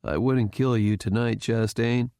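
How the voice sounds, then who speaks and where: A man voicing a furious retired general who speaks in a low, cold, threatening way. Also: fairly even intonation, a little slow, warm tone, smooth, no room sound, clean studio sound, lightly acted. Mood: menacing.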